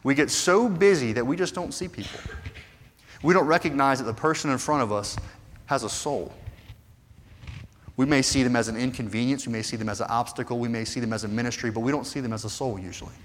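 A man's voice: medium pitch, brisk, a little hiss or hum. Earnest male preacher in a reverberant hall. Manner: earnest, building from hushed to fervent. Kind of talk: sermon.

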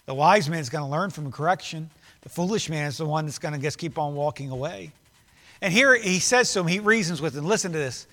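Preacher, man, high-pitched, earnest repetitive sermon delivery, long hall reverb. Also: lively intonation, a little fast, sharp tone. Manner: earnest, repetitive preaching cadence that swells and drops.

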